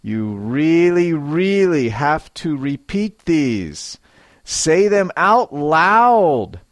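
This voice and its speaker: Slow, expressive male English teacher. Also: a little high, no echo. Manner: slow, clear, demonstrates intonation with exaggerated example sentences. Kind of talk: scripted English lesson podcast. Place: Japan.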